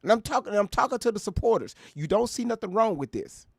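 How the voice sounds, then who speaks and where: A man's voice: high voice, animated, quick pace, gravelly, breathy edge, no room sound, clean studio sound. Profane, mocking male commentary host. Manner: profane, mocking, laughs often. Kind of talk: casual reaction commentary.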